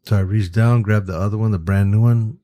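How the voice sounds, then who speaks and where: A man's voice: lowish voice, a little fast. A man guesting on a podcast, telling a story in casual talk, swearing freely and filling with "you know" and "like.". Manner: profane, animated, acts out quoted voices; frequent fillers like "you know" and "like".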